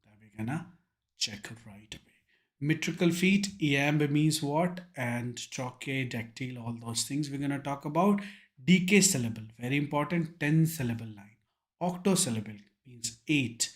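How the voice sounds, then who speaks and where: A man's voice: medium pitch, lively intonation, a little slow. A young man with an Indian English accent teaching an online exam revision lecture, drilling key terms with emphasis and mixing in Hindi words.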